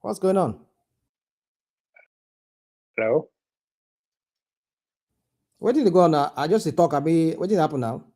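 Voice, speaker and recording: A man with a Nigerian accent talks in heated bursts over a video call, piling up repeats and pointed questions. His voice is fairly high for a man but dark and mellow in tone. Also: animated, a little slow, long pauses. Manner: impassioned, repetitive, asks pointed questions. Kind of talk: heated political commentary.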